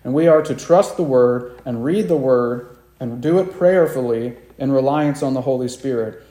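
A man's voice: medium pitch, moderate pace, mellow, echoey room. A man preaching a sermon to a congregation, acting out the quoted disciples with raised, dramatic voices. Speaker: pastor.

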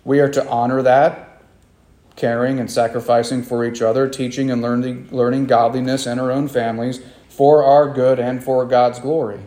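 A man's voice: mid-range voice, flat delivery, normal speed, warm tone, echoey room. A man preaching a sermon as pastor, earnest and emphatic, driving points home by repeating them.

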